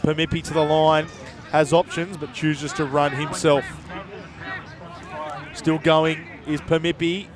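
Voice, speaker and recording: Brisk man calling a rugby match. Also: fairly high pitch, little pitch movement, crowd noise. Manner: brisk, jokey banter with co-commentator. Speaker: play-by-play commentator. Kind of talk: live rugby league commentary. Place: outdoors at a local sports ground.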